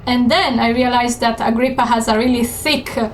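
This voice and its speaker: A woman streamer giving gaming stream commentary, chatty and unhurried with many fillers. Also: fairly high pitch, steady tone, a little hiss or hum. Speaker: game streamer.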